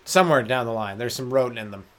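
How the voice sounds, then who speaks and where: At medium pitch with a somewhat bright tone, a Canadian stand-up talks fast on his own comedy podcast. He's high on weed, rambling through a solo rant of riffs, silly put-on voices and sung bits.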